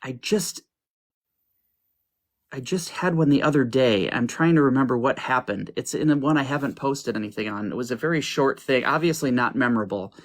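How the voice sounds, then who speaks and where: A man talking as a guest on a live stream, halting and casual, restarting his sentences. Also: mid-range voice. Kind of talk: casual chat.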